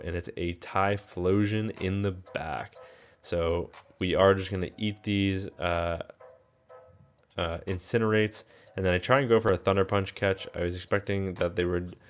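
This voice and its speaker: A young man giving relaxed gameplay commentary, tired and full of fillers. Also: low voice. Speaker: game commentator.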